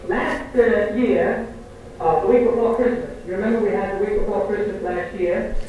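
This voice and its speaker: A woman's voice: medium pitch, darkish tone. A woman comedian and singer telling brash dialect jokes in a stage monologue. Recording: old archival recording, echoey, distant, muffled and hissy.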